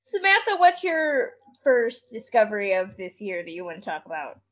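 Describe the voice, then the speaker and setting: A woman co-host on a film podcast with an everyday mid-range voice. She speaks in a relaxed, wry way. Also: medium pitch, normal speed. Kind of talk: casual film discussion.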